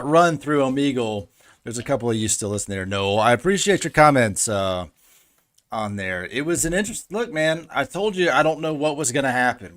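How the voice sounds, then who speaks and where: A man's voice: mid-range voice, a bit bright. A man hosting a podcast, chatting casually in a loose, friendly way and laughing easily. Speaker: podcast host.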